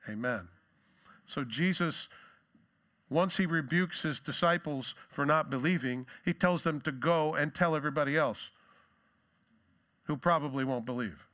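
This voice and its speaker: A man's voice: measured pace, pauses often, fairly bright tone. A man preaching a sermon in a conversational way, with jokes and asides, acting out the quoted lines with energy. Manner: acts out quoted lines with rising pitch and force. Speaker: pastor.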